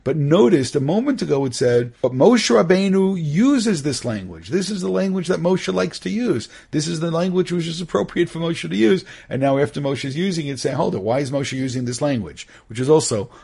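A middle-aged man with a husky, gravelly voice teaches a Torah study class. He talks in a lively way, acting out short exchanges and often restarting his sentences. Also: fairly high pitch, a little fast, hardly any pauses. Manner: animated, acts out little dialogues, many restarts.

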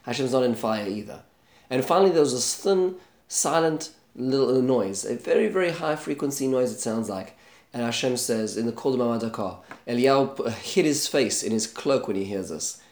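A man's voice: mid-range voice, a little mellow, roomy sound. A man giving an informal Bible lesson, telling the story conversationally, mixing Hebrew terms and verses into his English, and briefly acting out the characters' lines. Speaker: Bible teacher.

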